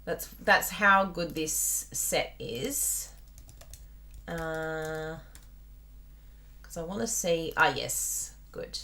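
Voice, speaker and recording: A woman's voice: deep voice, expressive, very slow, pauses often, sharp tone. Bubbly Australian woman hosting a craft stream. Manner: bubbly, exclamatory, talks straight to viewers. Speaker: host of a live card-making stream. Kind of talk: chatty live crafting tutorial. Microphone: plugged-in microphone at a desk.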